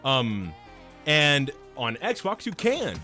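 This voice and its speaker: A man streaming a game, chatting casually and rambling through animated stories with lots of restarts. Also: medium pitch, extremely slow, soft background music. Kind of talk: casual chat while gaming.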